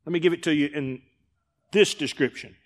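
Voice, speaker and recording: A man preaching as a pastor, who acts out the people he quotes and swings between loud and hushed delivery. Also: fairly high pitch, brisk, long reverb tail. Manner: preacher acting out quoted voices, rising and dropping in volume. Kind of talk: sermon. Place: church sanctuary.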